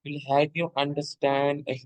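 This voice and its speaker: A fairly high-pitched man teaching literature in a patient, repetitive lecture style. He keeps checking in with his listener. The sound is dry and close. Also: flat delivery, normal speed, darkish tone, no room sound, low-quality recording. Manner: repeats points, frequent "okay?" check-ins; addresses listener as "my dear". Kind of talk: explanatory lecture.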